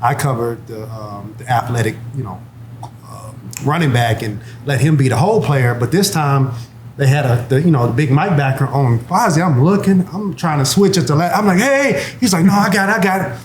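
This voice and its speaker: A former pro football player sharing a lively game-day story on a panel, laughing as he goes. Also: mid-range voice, normal speed, slight background noise. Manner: animated, laughing anecdote teller. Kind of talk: casual storytelling chat. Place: wine bar, indoors.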